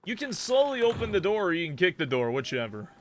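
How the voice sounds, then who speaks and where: A man's voice: high-pitched, big pitch swings, fast, slight background noise. A young man casually commenting and joking while playing a game, exclaiming and humming as he goes.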